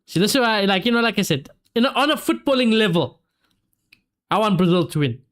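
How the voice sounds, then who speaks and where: A man hosting a live football watchalong stream, reacting excitedly to the play and reading out viewer comments. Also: high-pitched, fairly quick.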